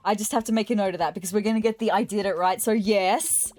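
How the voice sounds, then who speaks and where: A woman giving casual let's-play commentary, excitable and gushing, with apologetic asides. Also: mid-range voice, fast talker, faint music behind. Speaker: gaming video host.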